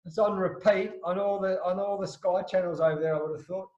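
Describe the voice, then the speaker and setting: A middle-aged Australian man, a former cricketer, telling animated stories with restarts in a casual interview. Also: sits high, fairly quick, reverberant, highs cut off. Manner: animated anecdotes with frequent restarts and laughs.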